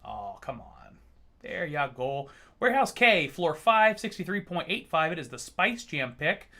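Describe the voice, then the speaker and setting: A whiskey reviewer and streamer with a fairly high, bright, forward voice talks loosely through a tasting on a livestream. Relaxed and unscripted, he jokes, swears freely, and chats back to viewers between sips.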